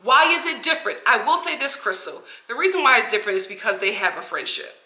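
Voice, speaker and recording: A woman vlogger giving casual reality-TV commentary in an animated, sassy, slangy way. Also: a little high, fast, reverberant. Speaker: vlogger, TV recap host.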